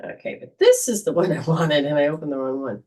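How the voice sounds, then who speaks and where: A woman's voice: deep voice, big pitch swings, a little fast, recorded from a distance. A woman hosting a casual livestream as a psychic reader, talking in a chatty, rambling way. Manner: chatty, rambling, warm storytelling.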